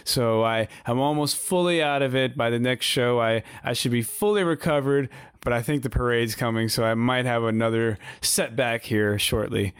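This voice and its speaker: Guy cohost on a wrestling podcast, smooth clear voice, grumpy jokey banter, dry mic. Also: medium pitch, moderate pace, no room sound. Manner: grumbling, joking banter. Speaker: podcast co-host. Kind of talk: casual wrestling podcast chat.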